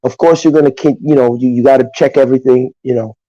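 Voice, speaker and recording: A man from Nigeria, a guest on a podcast livestream, telling stories in an animated, emphatic way with lots of asides. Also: medium pitch, fast talker, dry recording, highs cut off. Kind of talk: casual podcast chat.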